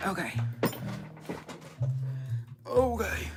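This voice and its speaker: A woman's voice: mid-range voice, very animated, very slow, loud music behind the voice. A woman doing a casual live tarot reading, chatty and rambling, swearing freely and laughing at her own jokes. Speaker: tarot reader.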